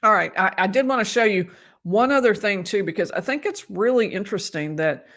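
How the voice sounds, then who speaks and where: A woman's voice: mid-range voice, expressive, a little fast, fairly bright tone. A woman lawyer giving conversational live commentary on a court case, losing her voice and often restarting her sentences. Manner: conversational, restarts and emphatic asides.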